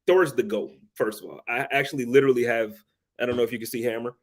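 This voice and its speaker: Relaxed man chatting as a podcast guest. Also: mid-range voice, fast. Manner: relaxed, hesitant restarts while forming opinions. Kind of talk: casual sports chat.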